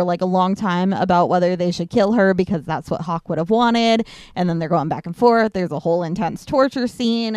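A woman's voice: lowish voice, smooth, no echo, clean studio sound. A woman co-hosting a podcast, talking casually about a film, candid, laughing easily and swearing freely. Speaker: podcast co-host. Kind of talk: casual movie review chat.

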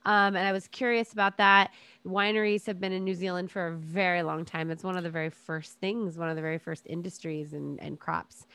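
A woman's voice: lowish voice, fairly even intonation, brisk, fairly bright tone, clear, resonant tone, dry recording. A woman co-hosting a podcast, talking casually and rambling a bit, laughing at her own slips. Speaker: podcast co-host. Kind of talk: casual chat.

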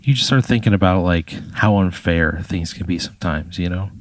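A man's voice: low voice, normal speed, no room sound. A man spinning an improvised story in a loose, casual way, swearing and saying "like" and "you know" a lot. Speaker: podcast storyteller.

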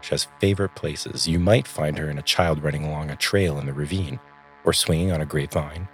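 A man reading aloud voicing a stern middle-aged mother who talks in sharp, clipped snaps. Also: extremely low pitch, brisk, soft background music. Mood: curt.

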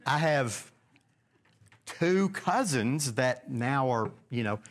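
A man's voice: medium pitch, animated, takes it slowly. Male Bible study leader, conversational, questions the group, frequent restarts. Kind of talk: casual Bible study discussion.

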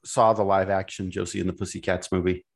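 Mock-grumpy podcast co-host, low voice. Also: male voice, little pitch movement, fast talker, vocal fry. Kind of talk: casual chat.

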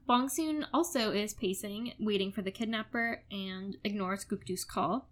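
A woman's voice: mid-range voice, measured pace. Chatty woman recapping a drama. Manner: chatty, laughs often, sprinkles in "like". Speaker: podcast co-host recapping a drama episode. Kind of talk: casual chat.

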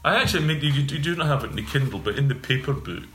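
A man telling anecdotes in a casual interview, with halting restarts. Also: medium pitch, animated, a bit bright. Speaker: writer guest. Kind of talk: casual chat. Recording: roomy with faint ambient noise.

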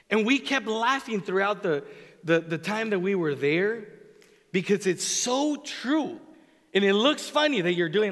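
Animated preacher in a reverberant hall. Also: male voice, high-pitched, a little slow. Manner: animated preaching, acts out quoted voices. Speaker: pastor. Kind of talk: sermon. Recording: long reverb of a large hall.

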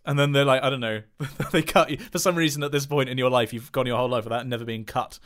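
A man's voice: medium pitch, fast talker, few pauses, fairly bright tone. A young man, co-hosting a casual podcast and spinning silly scenarios while laughing often. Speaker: podcast co-host. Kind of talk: casual chat.

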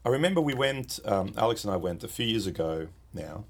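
A man chatting casually as a co-host. His voice is low and a little husky, and it swings up and down a lot as he rambles along, cracking jokes. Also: expressive, a little fast. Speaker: podcast co-host. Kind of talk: casual chat about guitar pedals.

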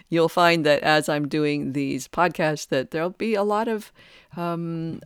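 A podcast host speaking in a reflective spiritual talk, the voice smooth and resonant. The delivery is thoughtful and halting, with phrases often restarted mid-thought. The sound is dry and close, with no room around it. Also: medium pitch, dry recording.

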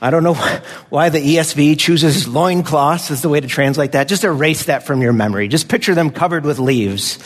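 A man's voice: fairly high pitch, moderate pace, long reverb tail. A man preaching a conversational sermon as pastor, now and then acting out voices of children.

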